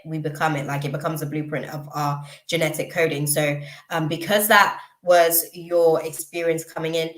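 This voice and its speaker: A woman giving a live intuitive tarot reading, speaking reflectively and pausing often with ums and restarts. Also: lowish voice, fairly bright tone, reverberant, low-quality recording. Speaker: tarot reader.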